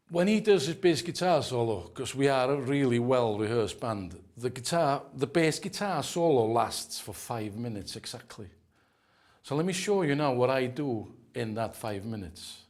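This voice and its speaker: A man giving a comic drum masterclass as an earnest, deadpan instructor who rambles and often drops into quiet asides. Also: mid-range voice.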